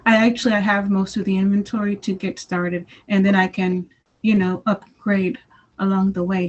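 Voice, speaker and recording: A woman's voice: medium pitch, flat delivery, normal speed. A woman taking part in an online workshop, speaking hesitantly with many restarts while talking about her business plans. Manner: hesitant, restarts often, lots of fillers. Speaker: workshop participant. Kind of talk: casual call-in conversation. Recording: dull lo-fi call audio.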